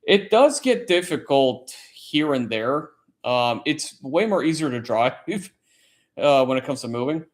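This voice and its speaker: A man's voice: mid-range voice, sing-song, a little slow. A man hosting a casual late-night chat stream, telling a long story in a rambling, profane way. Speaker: livestream host; military service member.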